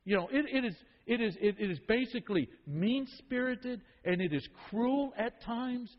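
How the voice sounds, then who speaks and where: A man preaching a sermon, emphatic and repetitive, swinging from loud declarations to hushed asides. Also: very high-pitched, expressive, moderate pace. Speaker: pastor. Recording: dull sound with long reverb in a hall.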